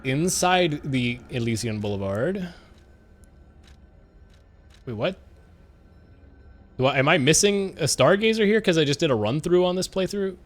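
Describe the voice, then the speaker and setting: A man's voice: on the high side, lively intonation, unhurried, pauses often, faint music behind. Young guy streaming a game, stammers and repeats himself, voice bounces all over. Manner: rambling, stammering repeats, giggly. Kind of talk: casual live-stream chat while gaming.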